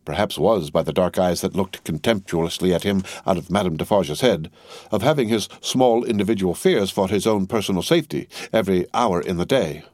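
Low-voiced man reading an audiobook. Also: animated, fairly quick, a little mellow, dry recording, studio quality. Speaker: audiobook narrator. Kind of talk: scripted narration.

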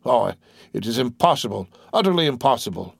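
A man voicing a calm, grave priest who speaks in a measured, formal way. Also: mid-range voice, gravelly, slightly rough, dry recording, studio quality, full character voice. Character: calm, secretly shaken priest. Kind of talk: audiobook character reading.

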